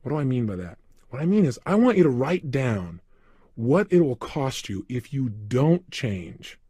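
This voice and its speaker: A man's voice: medium pitch, very animated, moderate pace, mellow, slightly rough, no room sound. A man coaching listeners through a self-help program, giving emphatic step-by-step instructions. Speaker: motivational coach. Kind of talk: recorded self-help seminar.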